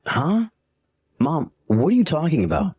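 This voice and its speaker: Evasive lying son played by a man, husky, dry close sound. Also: on the high side, huge pitch swings, measured pace, a little mellow, no room sound, heavily acted. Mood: defensive. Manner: defensive, evasive. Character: lying evasive adult son, young father. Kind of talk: scripted story acting.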